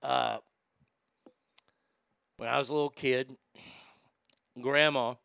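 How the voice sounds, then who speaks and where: Guy rambling thru family stories, cusses a lot, gravelly forceful voice, dry close sound. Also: medium pitch, steady tone, takes it slowly, dry recording. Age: adult. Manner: candid, profane, rambling. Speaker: storyteller. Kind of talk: casual storytelling to a familiar audience.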